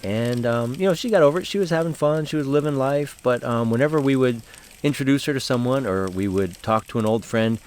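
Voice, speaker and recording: A man hosting a casual devotional talk, telling a story with fillers, then slowing down and softening to make reflective points. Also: medium pitch. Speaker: host and Bible study leader.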